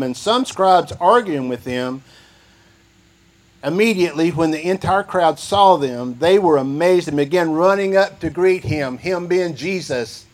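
A man preaching a sermon, reading scripture and repeating key phrases for emphasis. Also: a little high. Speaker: pastor.

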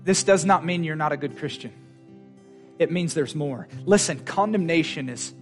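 A man's voice: on the high side, moderate pace, faint music behind. A man preaching a sermon in church, fervent and emphatic, repeating his lines for force. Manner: fervent, emphatic, repetitive exhortation.

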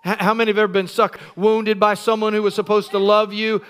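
A man preaching to his congregation in a bright, ringing voice that sits unusually high for a man. He tells the story with animated energy, acting out scenes and breaking into shouts. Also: a little fast, smooth. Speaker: pastor. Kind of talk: sermon. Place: church.

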